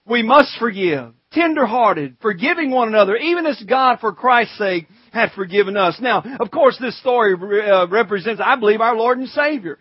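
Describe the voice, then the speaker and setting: A pastor preaching a sermon in a conversational way, calling out to the congregation and reading scripture in old-fashioned wording. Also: male voice, extremely high pitch, breathy edge, no echo, muffled recording.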